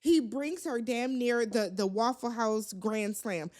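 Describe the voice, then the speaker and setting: A chatty, opinionated woman recapping a reality show for her channel in a sassy, conversational tone. Her voice sits slightly higher than average. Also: expressive, takes it slowly, a little mellow. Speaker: recap vlogger. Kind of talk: casual reality-TV recap commentary.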